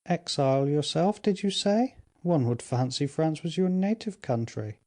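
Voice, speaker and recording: A man reading an aging queen, gently stern. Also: on the high side, animated, measured pace, voice pushed up.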